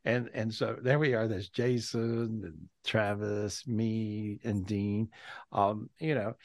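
A man's voice: on the low side, steady tone, takes it slowly, a little mellow, no room sound, studio quality. A man hosting a live video-call podcast, telling a story animatedly, often repeating and restarting his words. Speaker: podcast host.

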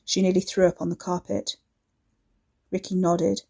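A woman narrating a serialized fiction story in a steady, measured way. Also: lowish voice, creaky, husky.

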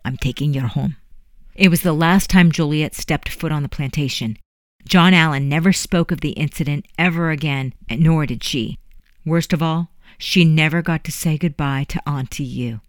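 A narrator reads a historical story in a measured, dramatic way, pitched mid-range. The recording is dry and close, with no room sound. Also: no room sound. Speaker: audiobook narrator. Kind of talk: scripted narration.

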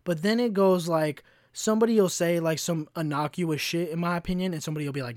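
A young man on his own podcast, swearing his way through a heated rant. His voice sits a bit high, and it is recorded dry and close with no room sound. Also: quick pace, darkish tone, dry recording. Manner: profane, heated ranting. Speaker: podcast host.

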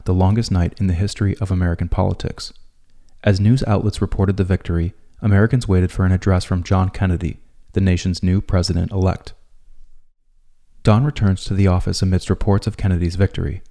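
A man narrating a scripted video essay in a calm, measured way. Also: low voice.

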